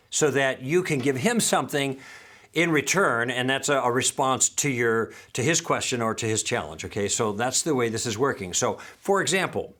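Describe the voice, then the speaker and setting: A man's voice: medium pitch, fairly bright tone. A man teaching a lesson in a friendly, patient way, sometimes acting out sample lines.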